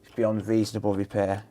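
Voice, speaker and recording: While repairing electronics live, a Black Country man from England chats casually with viewers in a lowish, slightly mellow voice at normal speed. He laughs often and addresses people in chat by name.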